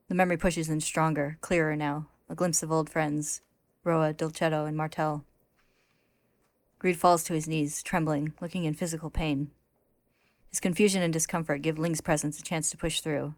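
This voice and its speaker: A woman narrating a story recap in a steady, plain retelling voice. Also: low voice, moderate pace, no echo.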